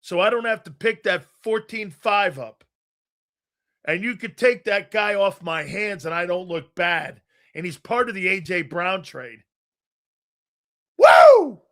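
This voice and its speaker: An excitable male sports show host talking in a high, bright, cutting voice. He is loud and profane, tells stories in quick bursts with restarts, and breaks into shouts when something excites him. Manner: rapid storytelling with restarts. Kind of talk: live sports talk show.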